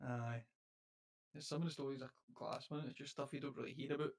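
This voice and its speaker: Scottish bloke chatting fast on a podcast, rambly and sweary, mid-pitched voice. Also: male voice, fairly even intonation. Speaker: podcast co-host. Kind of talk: casual chat.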